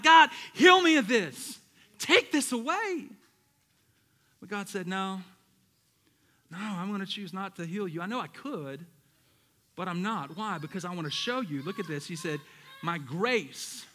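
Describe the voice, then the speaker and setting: High, bright-voiced man preaching a sermon. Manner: emphatic, swings between loud preaching and low storytelling; plays out Bible characters in casual voices. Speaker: pastor.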